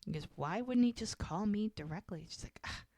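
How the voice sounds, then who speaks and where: A woman co-hosting a podcast, chatting casually and retelling scenes with animated acted-out dialogue. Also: medium pitch, fairly quick, no room sound, clean studio sound. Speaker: podcast co-host. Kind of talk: casual chat recapping a TV episode.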